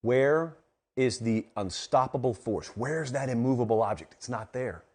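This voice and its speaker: A man's voice: mid-range voice, animated, normal speed, darkish tone, husky. A man hosting a sports show, giving solo football commentary in an emphatic, conversational way, with rhetorical questions aimed straight at his audience.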